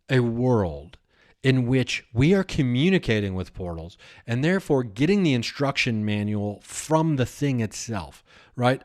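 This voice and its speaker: A man hosting a podcast in a rambling, improvised comic monologue, often breaking into giggles and chatting to imaginary characters. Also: medium pitch. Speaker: podcast host.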